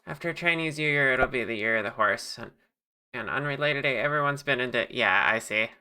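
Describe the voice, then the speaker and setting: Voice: medium pitch, fairly quick, bright, forceful tone, smooth. A livestreamer making plushies who chats casually with viewers and thinks aloud at a home streaming mic. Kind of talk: casual livestream chat while crafting.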